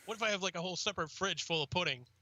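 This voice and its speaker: A man's voice: sits high, very fast, bright, forceful tone, low-quality recording. A man co-hosting a podcast in casual chat, joking and swearing freely. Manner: joking, profane, often putting on voices. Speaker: podcast co-host.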